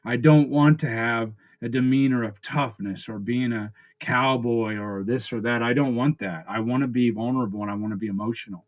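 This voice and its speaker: A man, talking in an emotional personal vlog. He is close to tears, and his raw, halting confession keeps breaking off. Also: medium pitch, fairly even intonation. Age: 40s. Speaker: vlogger. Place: his friend's house.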